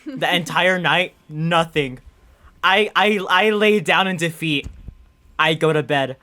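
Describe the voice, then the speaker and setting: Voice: mid-range voice, slow, bright, forceful tone. A young adult podcast co-host telling a story in casual chat, rambling and full of "like" and restarts. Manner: rambling, heavy use of "like" and restarts.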